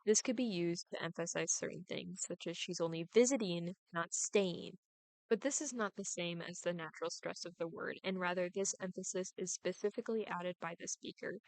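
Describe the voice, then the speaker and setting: A young woman, a student, reading her prepared class presentation aloud, deliberately overemphasizing stressed syllables in her examples. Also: fairly low pitch, no room sound, low-quality recording.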